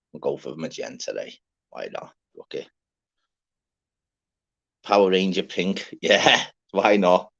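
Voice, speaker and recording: A man hosting a live stream, giving rambling, swear-filled shout-outs to listeners in a casual chat. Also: on the low side. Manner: chatty, swears freely, rambling. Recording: dull lo-fi sound.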